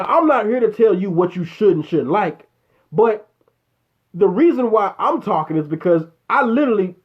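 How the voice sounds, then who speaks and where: A man with a high-pitched voice hosts a casual live chat show, ranting bluntly and swearing freely as he answers a viewer. His talk is full of restarts and exasperated asides. The sound is dull and lo-fi, like a home stream. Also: husky. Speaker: show host.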